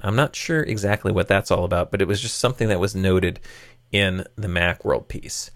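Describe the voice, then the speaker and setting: Tech-show host, male, slightly low voice, dry close sound; chatty explainer with sarcastic asides. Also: dry recording. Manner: conversational, wry and sarcastic asides, frequent fillers.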